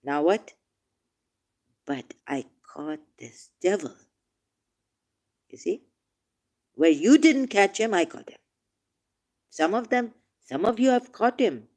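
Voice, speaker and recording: A woman hosting a casual livestream, reading scripture passages aloud and commenting on them emotionally, swinging from quiet musing to emphatic outbursts. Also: mid-range voice, very animated, slow, long pauses. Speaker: online talk host.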